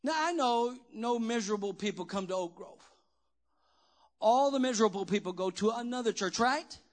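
A man preaching a sermon in church as pastor, asking the congregation questions and swinging from quiet talk to shouting. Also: sits high, expressive, moderate pace.

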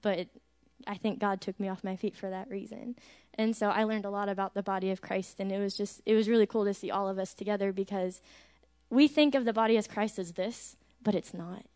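A woman, a teacher, telling an energetic and animated church testimony about a mission trip. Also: medium pitch, fairly quick, clear, resonant tone.

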